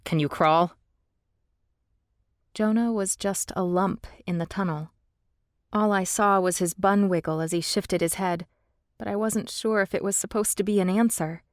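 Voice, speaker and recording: A woman narrating a fantasy audiobook in the first person, steady and measured, on a close studio mic. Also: medium pitch, dry recording.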